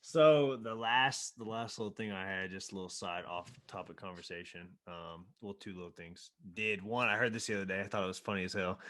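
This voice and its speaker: Easygoing young man with a low voice. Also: fairly even intonation, fairly quick, few pauses, fairly bright tone. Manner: easygoing, slangy, laughing. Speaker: podcast co-host. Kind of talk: casual chat.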